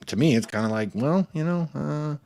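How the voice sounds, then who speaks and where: A man with a fairly high, animated voice and a darkish tone speaks at a moderate pace with some vocal fry, recorded with no echo. He hosts a football fan show, rambling casually through post-match chat, occasionally losing his train of thought and swearing.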